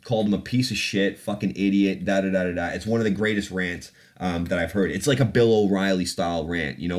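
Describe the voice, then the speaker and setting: A man's voice: low-pitched, a little fast, few pauses. A man hosting a casual opinion podcast, talking in a loose rambling way, laughing now and then and swearing freely. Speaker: podcast host.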